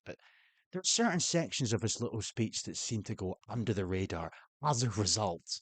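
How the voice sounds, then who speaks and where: A man's voice: on the low side, lively intonation, moderate pace, no room sound. Blunt, sweary man. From Scotland. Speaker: political commentator. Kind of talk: opinionated commentary.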